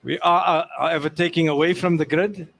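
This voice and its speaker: A man's voice: on the high side, fairly even intonation, brisk, creaky, a bit bright. A man, the mall's landlord, giving a welcoming speech at an outdoor event with frequent restarts and fillers. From South Africa.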